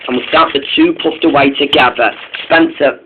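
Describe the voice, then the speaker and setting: A man's voice: on the high side, steady tone, normal speed, background noise. A man narrating a toy-train story in an informal, eager way. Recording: tinny phone-like sound.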